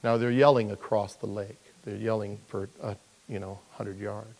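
A male pastor delivering a sermon in a relaxed, talky way, often restarting phrases. He now and then jumps into playful high voices to act out characters. His voice rings out with a long hall reverb. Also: moderate pace. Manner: conversational, with frequent restarts and jokey high-pitched character voices.

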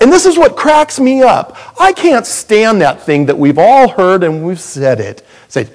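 A middle-aged man preaching a sermon as pastor, animated and jokey, with sudden loud high bursts. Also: unhurried, hardly any pauses.

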